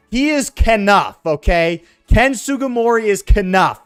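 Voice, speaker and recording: Lively high-voiced man ranting while gaming. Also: a little slow, clean tone, dry recording, clean studio sound, faint music behind. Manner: animated, slangy, ranting. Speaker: streamer. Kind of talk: casual live-stream chat while gaming.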